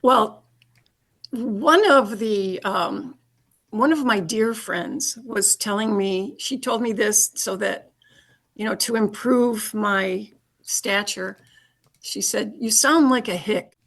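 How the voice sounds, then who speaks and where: Slow-spoken older Michigan woman. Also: mid-range voice, vocal fry, a bit bright. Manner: reminiscing, chuckling easily. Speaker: listener guest. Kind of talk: casual interview.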